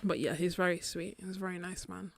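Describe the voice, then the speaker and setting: A woman's voice: on the low side, fairly even intonation, fairly quick, gravelly, a little hiss or hum. A young British woman chatting casually on a live stream while she swatches paints, laughing often and thinking aloud. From Britain. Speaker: art channel host.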